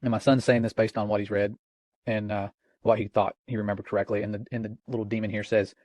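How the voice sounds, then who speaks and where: A man's voice: on the low side, flat delivery, fast talker, a little mellow, no echo. A man giving an earnest, cautionary religious talk in a conversational way.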